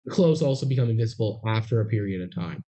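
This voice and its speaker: A man's voice: on the low side, expressive, fast, mellow. A young man co-hosting a podcast in casual chat, with dry, wry comments. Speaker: podcast co-host.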